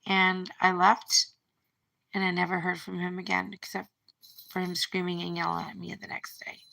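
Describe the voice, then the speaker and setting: A woman's voice: lowish voice, completely flat delivery, normal speed, vocal fry, sharp tone. A middle-aged woman talking through a breakup on a phone livestream, rambling and repeating her words as she retells what was said. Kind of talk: emotional personal monologue.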